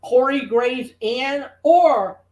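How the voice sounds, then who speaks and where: A man co-hosting a wrestling talk show, excitable and rambling, with lots of restarts. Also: very high voice, very slow, reverberant. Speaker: wrestling podcast co-host. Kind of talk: casual chat.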